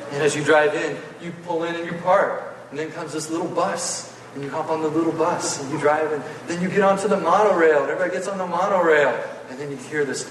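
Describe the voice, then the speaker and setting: A man preaches with folksy, animated storytelling, his voice a little on the high side. He is heard from some distance in a large hall with long reverb, and faint ambient sound sits underneath. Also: fast talker, slight background noise. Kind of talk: sermon storytelling. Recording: echoey hall, voice from afar.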